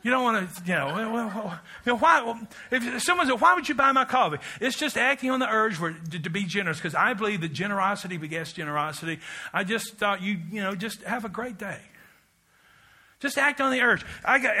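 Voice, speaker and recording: Male pastor, middle-aged, high and very bright tone, animated self-deprecating sermon delivery. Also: a little fast. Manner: animated storytelling, self-mocking, rising to loud exclamations.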